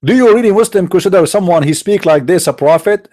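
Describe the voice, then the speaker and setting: Sarcastic man with a high voice. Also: expressive, quick pace, darkish tone. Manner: sarcastic, mocking, jeering. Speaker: online commentator. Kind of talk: mocking rant.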